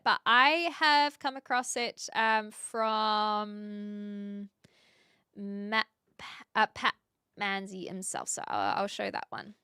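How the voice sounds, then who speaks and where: A woman's voice: medium pitch, pushed and bright, clean tone, no room sound, studio quality. A woman streaming and chatting casually with viewers, laughing easily and reading their messages aloud. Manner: chatty, laughing, fillers, reads chat aloud. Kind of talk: casual live-stream chat.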